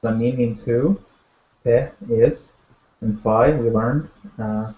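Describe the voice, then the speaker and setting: A man teaching a language lesson, taking his time and talking it through with lots of ums and pauses. His voice is mellow and a little dark. The sound is dull and bounces around an echoey room. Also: medium pitch, slight background noise. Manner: patient, step-by-step explaining with many fillers.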